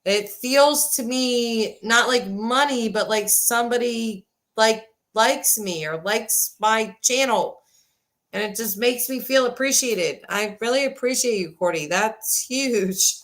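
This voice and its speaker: A woman's voice: fairly high pitch, slow. A woman in her forties hosting a casual livestream chat, thanking viewers and talking at a desk microphone. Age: 40s. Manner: chatty, thanking viewers, swings between excited and subdued. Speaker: livestream host. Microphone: desk microphone, sometimes glitchy.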